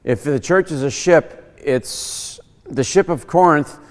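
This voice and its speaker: A man's voice: on the high side, slow, big-room sound. A man hosting a casual Bible teaching show, joking and acting out quotes as he explains. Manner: animated, joking, acts out quotes.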